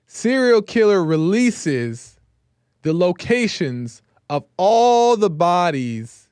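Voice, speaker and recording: A man's voice: fairly high pitch, a little mellow, clean tone, no echo. A man hosting a live show, casually retelling a true-crime case in a chatty way and checking in with "right?" after almost every point. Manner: conversational, keeps checking in with "right?". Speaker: host.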